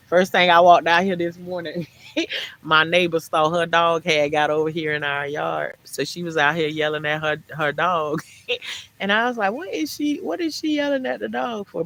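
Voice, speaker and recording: Outdoors in her yard garden, a deep-voiced woman hosts a casual livestream, chatting, laughing often and repeating herself. Later she turns encouraging toward her viewers.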